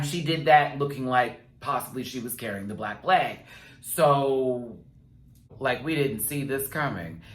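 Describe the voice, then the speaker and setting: A man rants through a reality TV recap in a sassy, chatty way, talking in a mid-pitched voice. He rambles off on tangents and knows it. His voice rings with a roomy echo. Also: a bit bright. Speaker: reality TV reviewer. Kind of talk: casual recap rant.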